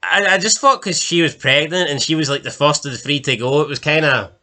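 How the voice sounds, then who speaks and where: A man's voice: fairly high pitch, fairly quick, sharp tone. A man co-hosting a casual chat show, talking in a loose, rambling way with swearing and fillers. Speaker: podcast co-host. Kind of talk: casual chat ranking TV deaths.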